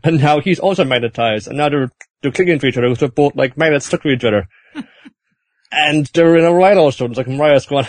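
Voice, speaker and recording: A man's voice: mid-range voice, fast talker, no echo. A man hosting a podcast, recapping an anime episode in casual chat and acting out the characters in silly voices.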